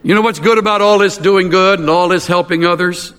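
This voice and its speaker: A pastor preaching a sermon in a folksy, animated way with self-mocking humor. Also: male voice, sits high, fairly quick, smooth, big-room sound.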